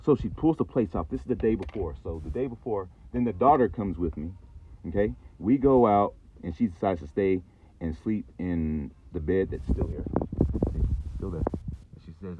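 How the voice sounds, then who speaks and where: A low-pitched man rambles through a conspiratorial story, full of swearing, and his pitch swings widely as he goes. The sound is thin and phone-like. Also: expressive, normal speed, slight background noise. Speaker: channel host. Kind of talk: casual storytelling vlog.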